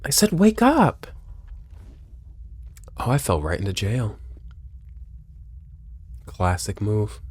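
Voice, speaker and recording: A man commenting on a video game as he plays, joking and reading lines aloud, with loud exclamations and low mutters. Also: slow, long pauses, slight background noise. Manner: lively, jokey, swings between loud exclamations and low mutters. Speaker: gameplay streamer.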